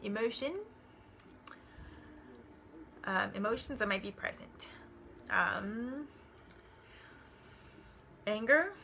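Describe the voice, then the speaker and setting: A woman reading out a worksheet and working through an exercise, slow and hesitant with many pauses and ums. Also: mid-range voice, creaky, sharp tone, slight background noise, poor audio. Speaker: student reading coursework aloud.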